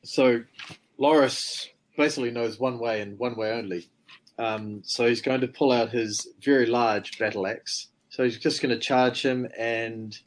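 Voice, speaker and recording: A man's voice: medium pitch, a little hiss or hum. A man playing a tabletop game, playfully describing his character's actions. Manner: playful, laughs often. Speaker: player.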